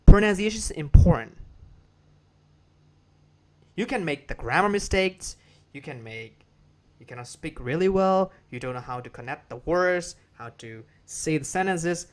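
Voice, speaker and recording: Burmese-accented man teaching English pronunciation. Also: medium pitch. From Myanmar. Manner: repetitive, restarts phrases, drills words for copying. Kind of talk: casual spoken lesson.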